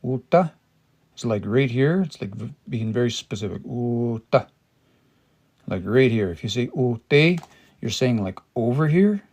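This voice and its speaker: A man with a gravelly, mid-pitched voice talks through a casual language lesson. He thinks aloud, restarts his phrases and sounds words out one syllable at a time. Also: animated, moderate pace, a little mellow. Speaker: Cree language teacher.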